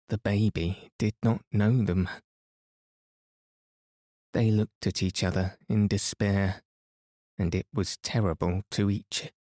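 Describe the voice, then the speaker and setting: A man narrating a bedtime story for a sleep podcast in a slow, soothing, even manner, close to the mic. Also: fairly low pitch, dry recording.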